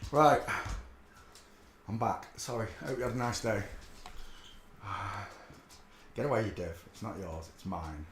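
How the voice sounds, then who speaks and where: A man chatting excitedly as he unboxes a parcel, cooing softly to his dog in between. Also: on the low side, a little slow, pauses often, roomy sound, a little hiss or hum. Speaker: channel host. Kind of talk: casual unboxing chat.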